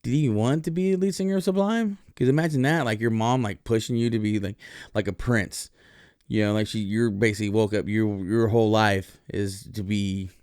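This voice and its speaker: A man's voice: lowish voice, vocal fry, a little mellow, no room sound, studio quality. A man hosting a podcast, talking in a loose, profane, rambling monologue full of fillers. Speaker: podcast host.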